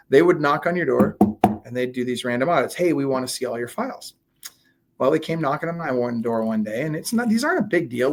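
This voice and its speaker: A man being interviewed, telling a story in a casual, animated way, acting out quoted dialogue with lots of fillers. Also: mid-range voice, vocal fry. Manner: frequent fillers and restarts. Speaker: guest, real estate coach.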